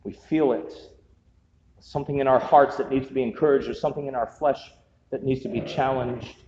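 A man's voice: medium pitch, steady tone, brisk, dark tone, slight background noise. A man preaching a sermon as pastor, conversational and joking, with humorous asides. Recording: dull, echoey hall sound.

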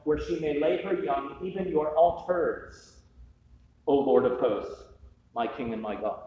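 A man preaching a sermon as pastor, conversational and joking, with humorous asides. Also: a little high. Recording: dull, echoey hall sound.

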